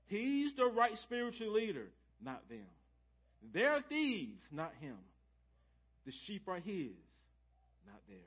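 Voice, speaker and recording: The voice is a man's, high-pitched and muffled in the recording. He's a pastor preaching to his church in the sanctuary, calling out to the congregation with call-and-response and repeating key phrases for emphasis.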